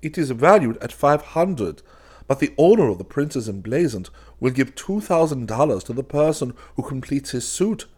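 A male reader voicing a gentle, probing man who quietly questions the narrator in a storybook reading. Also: mid-range voice, big pitch swings, moderate pace, slightly rough, voice pushed up. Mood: persuasive.

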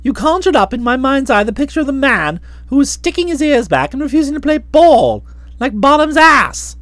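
A woman narrating a comic novel for an audiobook, playful and full of expression. Her voice sits high and moves all over the place, and the recording is close and dry. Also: sing-song, moderate pace, no echo.

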